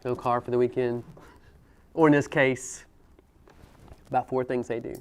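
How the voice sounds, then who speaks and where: A man's voice: mid-range voice, little pitch movement, normal speed, smooth. A man teaching a history class, talking conversationally and asking students questions as he goes. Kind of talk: classroom lecture.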